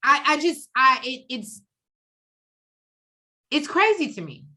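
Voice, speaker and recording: A woman co-hosting a reality TV recap, talking in a blunt, profane, animated way and acting out quotes. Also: high voice, takes it slowly. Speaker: co-host of a TV recap show. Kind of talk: casual reality TV recap chat.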